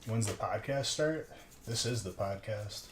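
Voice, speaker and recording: Speaking unhurriedly in a fairly low, lively voice, a man chats casually with his live-stream viewers late at night as he opens card packs. He rambles and jokes back and forth with chat. Background noise and room echo are present.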